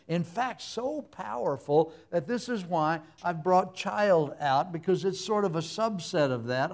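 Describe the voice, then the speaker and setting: Folksy, higher-voiced male preacher. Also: a little mellow. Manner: folksy, anecdotal, humorous. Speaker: pastor. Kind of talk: sermon.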